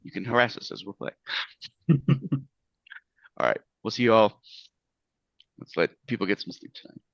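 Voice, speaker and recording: A man's voice: on the low side, moderate pace, creaky, dry recording, low-quality recording. A man running a tabletop game as game master, chatting casually and laughing, with frequent ums. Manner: relaxed, laughing, fillers like um.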